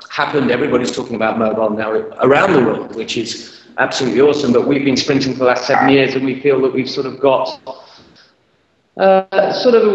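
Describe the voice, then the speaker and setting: A man's voice: mid-range voice, muffled recording. A British man from Britain, a guest tech executive, talking casually in an interview with plenty of fillers and self-deprecating humour. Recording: roomy echo.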